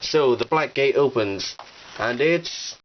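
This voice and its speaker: A man's voice: medium pitch, animated, takes it slowly. A man giving a chatty, upbeat show-and-tell tour of his collection at home, with playful asides. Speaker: toy collection vlogger. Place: room at home with display shelves. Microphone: cheap digital camera. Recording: dull camera audio with faint hiss.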